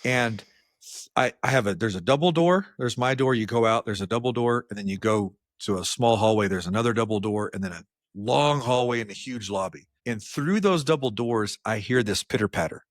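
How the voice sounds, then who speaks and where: A man co-hosting a podcast, telling workplace stories in casual chat and acting out the quotes with big jumps in pitch. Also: a little fast, no echo, clean studio sound. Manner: animated storyteller, acts out quotes with jumps in pitch. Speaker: podcast co-host.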